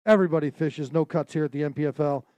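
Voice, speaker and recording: A man's voice: a little high, quick pace, darkish tone, no room sound, lo-fi sound. A man emceeing a fishing tournament weigh-in, announcing weights and joking energetically with anglers and the crowd. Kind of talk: live event announcing.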